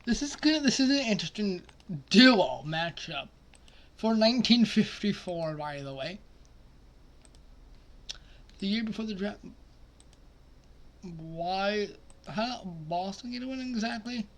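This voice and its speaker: A man commenting casually on a basketball simulation, muttering quietly at times and then breaking into loud, excited outbursts. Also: sits high, takes it slowly, pauses often. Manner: excitable, swings from mumbled asides to loud outbursts. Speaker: simulation gaming streamer.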